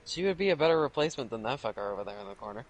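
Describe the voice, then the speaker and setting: A woman hosting a livestream, chatting excitedly about a game and swearing and laughing often. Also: a bass voice, rapid-fire. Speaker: livestream host. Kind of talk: casual gameplay chat. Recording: noisy stream audio.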